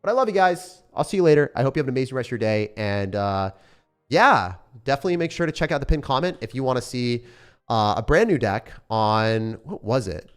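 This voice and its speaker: A young man giving rambling, casual commentary on his gameplay, excitable and sometimes swearing. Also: medium pitch, brisk, clear, resonant tone. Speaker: gaming YouTuber.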